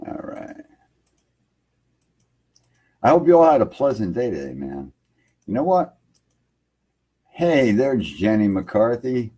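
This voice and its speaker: Husky low-voiced guy rambling on a home livestream, dark tone, keeps saying man. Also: big pitch swings, slow pace, pauses often. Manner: rambling, loose, fills lines with "man". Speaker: internet radio host. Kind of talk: casual livestream chat. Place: home computer setup.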